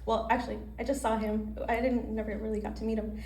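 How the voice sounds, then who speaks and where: A woman's voice: on the high side, little pitch movement, quick pace, darkish tone. A young woman doing a chatty, self-mocking stand-up set, acting out her own inner voices. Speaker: stand-up comedian. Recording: echoey room with faint ambient noise.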